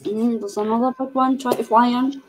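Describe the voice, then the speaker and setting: A woman's voice: on the high side, fairly even intonation, moderate pace, a little hiss or hum, poor audio. A Scottish woman hosting a crafting video, chatting casually and telling stories with a giggle. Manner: giggly, tells stories with mimicked voices. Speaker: crafting channel host. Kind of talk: casual chat while crafting.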